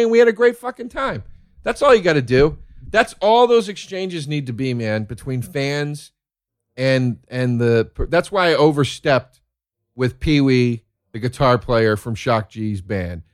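A man who is a comedian telling stories in a casual monologue, excitable and profane, laughing as he talks. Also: mid-range voice, no echo, studio quality. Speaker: stand-up comedian.

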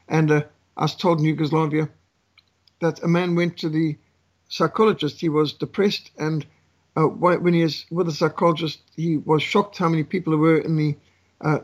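A man's voice: fairly high pitch, highs cut off. A man speaking as a guest who lectures with anecdotes and jokes, in an emphatic, repetitive, preacher-like cadence.

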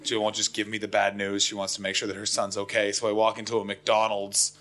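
A man with a bright, forceful voice tells a stand-up story, swearing freely and swinging from muttered asides to frantic, rising yells. His delivery is animated and comic. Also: lowish voice, a little fast. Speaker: stand-up comedian.

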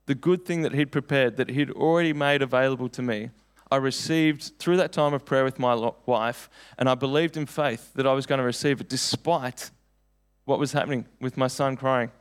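A man's voice: mid-range voice, fairly even intonation, normal speed, clear, resonant tone. A young man preaching a sermon, telling personal stories in an earnest, conversational way.

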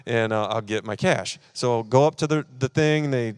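A man's voice: medium pitch, moderate pace, clear, resonant tone, dry recording, clean studio sound. A man, preaching at a church service and animatedly acting out his own frustration while telling a personal story. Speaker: pastor.

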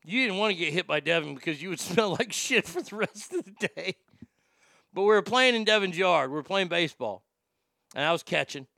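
A man around forty, a podcast host, telling blunt, profane stories in a casual and animated way. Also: sits high, a little fast, gravelly, dry recording, studio quality. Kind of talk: casual storytelling chat.

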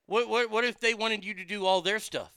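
A man hosting his own commentary show in a fairly high, gravelly voice. He rants with sarcasm and frequent swearing, stacking repeated words when he gets heated. His tone is bright and sharp and the sound is smooth and clear. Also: fairly quick, no room sound, studio quality. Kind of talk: ranting political commentary.

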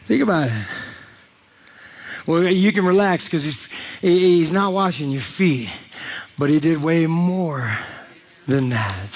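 A man preaching a sermon, animated and joking with the congregation in a church hall. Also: on the high side, takes it slowly, pauses often. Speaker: pastor.

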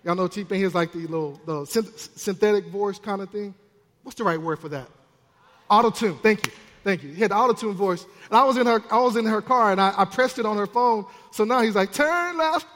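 High-voiced preaching man, animated and playful. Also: a little fast. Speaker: minister. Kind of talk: sermon. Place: church sanctuary. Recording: long church hall reverb.

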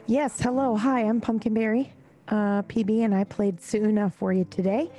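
A woman's voice: medium pitch, steady tone, moderate pace, warm tone, soft background music. A woman streamer introducing herself and her podcast in a casual, friendly chat. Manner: friendly plugging, lots of mm-hmms.

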